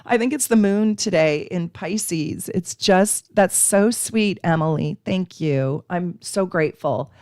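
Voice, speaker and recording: A woman's voice: lowish voice, a little mellow, no room sound, clean studio sound. A woman hosting a live astrology stream, teaching casually and chatting with viewers, with frequent ums.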